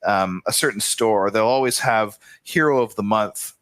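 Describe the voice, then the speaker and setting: A man co-hosting a podcast, talking in a relaxed, musing way and agreeing with his partner. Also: lowish voice, normal speed, dry recording. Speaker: podcast co-host. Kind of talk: casual podcast talk.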